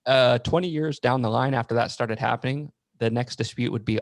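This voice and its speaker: A man's voice: mid-range voice, a little fast, no echo, clean studio sound. A man talking on a podcast, asking thoughtful questions in a casual chat. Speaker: podcast guest.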